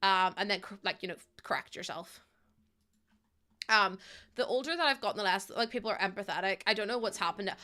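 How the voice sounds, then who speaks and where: A woman's voice: medium pitch, brisk, bright, forceful tone. A young woman streaming a game from home, talking in a chatty, rambling way and laughing often. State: pregnant. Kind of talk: casual live-stream chat.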